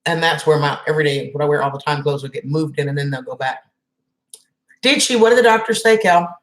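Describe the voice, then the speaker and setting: A woman's voice: deep voice, fast. Chatty woman live streamer, echoey room. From Southern United States. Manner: chatty, greets viewers by name, laughs often. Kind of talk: casual chat with live chat viewers.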